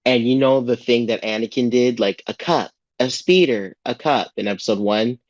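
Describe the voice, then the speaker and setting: A man recapping a TV episode in casual podcast chat, rambling with lots of "like" and jumping into a high voice to act out lines. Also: normal speed, no echo. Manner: rambling, full of "like" and restarts, acts out quotes in a raised voice. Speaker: podcast co-host.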